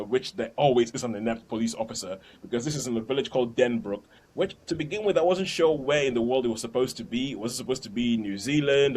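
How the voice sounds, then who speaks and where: Guy on a podcast rambling about a movie, mid pitch, chuckles a lot. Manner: chatty, laughs between points. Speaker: podcast host. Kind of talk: casual film review chat.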